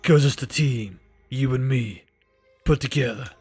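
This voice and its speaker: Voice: medium pitch, a little slow, creaky, darkish tone, faint music behind. A co-streamer chatting casually during a game stream, teasing and laughing easily.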